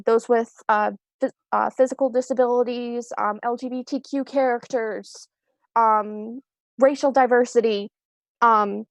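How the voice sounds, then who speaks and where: A woman's voice: on the high side, no room sound. A young woman on a video call, chatting casually as a screenwriter guest, rambling and self-deprecating with many ums and restarts. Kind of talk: casual live-stream interview.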